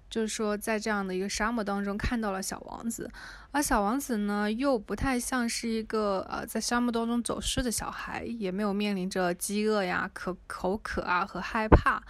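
A woman reading a book aloud and explaining it in a careful, unhurried way with pauses and fillers. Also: mid-range voice, no room sound. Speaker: reader and explainer.

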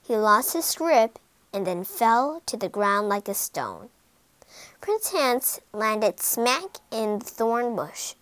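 A woman narrating a fairy tale in an expressive, dramatic storytelling manner. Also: a little high, slow, dry recording, rough recording.

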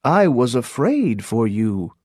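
A man's voice: mid-range voice, big pitch swings, slow pace, a little mellow, husky, no room sound, clean studio sound, heavily acted. A man voicing an anxious male colonial leader in a storybook reading, speaking in a worried, pleading way.

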